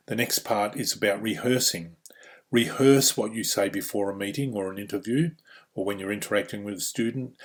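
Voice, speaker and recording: An Australian man who works as a trainer, walking through course material in an explanatory way with frequent "you know" and "um" fillers. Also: lowish voice. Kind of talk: instructional course narration.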